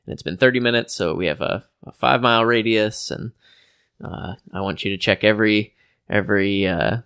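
A man co-hosting a podcast in casual chat, dryly teasing and talking haltingly with many fillers. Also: fairly low pitch, fairly bright tone, clear, resonant tone, no echo, clean studio sound. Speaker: podcast co-host.

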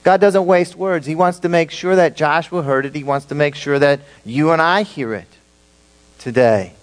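Emphatic pastor, fairly high male voice. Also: moderate pace, poor audio. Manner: emphatic, swings between loud and hushed. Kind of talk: sermon.

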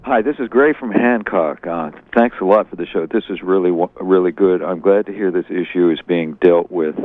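Male caller, very deep and dry, thoughtful, filler-heavy, tinny phone. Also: normal speed, no room sound. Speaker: radio caller. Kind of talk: phone-in comment.

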